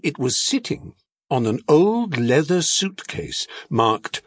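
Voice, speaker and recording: A man narrating a children's storybook audiobook in an expressive storytelling manner. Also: on the high side, slow, dry recording.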